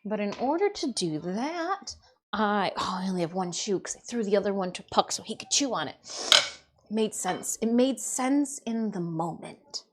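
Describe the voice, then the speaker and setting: A woman from Michigan chatting casually on a live stream while she cooks, swearing freely and often dropping to a quiet mutter. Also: mid-range voice, sing-song, normal speed, background noise. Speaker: livestreamer.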